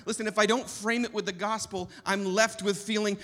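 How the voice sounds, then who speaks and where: A man's voice: high-pitched, big pitch swings, fairly quick, few pauses, pushed and bright. A man giving an impassioned teaching talk to church leaders, speaking emphatically and building to urgent intensity.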